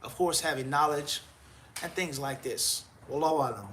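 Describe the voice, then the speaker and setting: A man answers audience questions as a mufti, urging and firm. He lists points one by one and pokes fun at himself. His voice sits slightly high, and faint background noise runs underneath. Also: normal speed, a bit bright. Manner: firm, exhorting, counts points, jokes about himself. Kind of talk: live Q&A answers.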